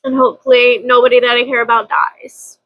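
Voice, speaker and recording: Young woman, high voice, rambling book vlog from home, dramatic, laughs a lot, swears. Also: flat delivery, a little fast, dry recording, highs cut off. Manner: chatty, dramatic, laughs often, swears casually. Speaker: book vlogger. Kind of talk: casual chat.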